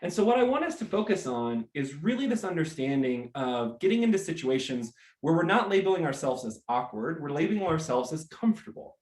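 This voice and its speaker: An American man hosting a motivational live talk, energetic and animated, acting out little scenes as he speaks. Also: a little high, brisk, few pauses, echoey room. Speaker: host.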